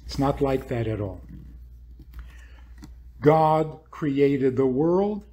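A man's voice: mid-range voice, animated, drawn-out words, mellow, slight background noise. A man speaking as a rabbi, lecturing an audience with provocative rhetorical questions and acting out what imagined people would say.

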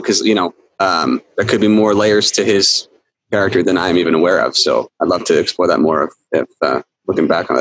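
A man guest on an interview, telling stories in a lively, laughing way and acting out quotes. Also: lowish voice, slight background noise, poor audio. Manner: animated storyteller, laughs often, acts out quotes. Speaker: actor guest. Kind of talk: casual interview chat.

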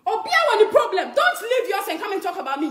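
A woman's voice: very high-pitched, sing-song, fast talker, a bit bright. A woman with a Ghanaian accent giving a heated rant to camera. She talks emphatically, repeats her points and laughs scornfully between lines. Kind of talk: heated mixed-language rant. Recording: echoey room.

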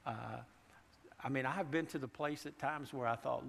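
In a reverberant church sanctuary, a pastor with a gravelly, medium-pitched voice delivers his sermon at normal speed. His style is folksy, with repeated and restarted words and questions put to the congregation.

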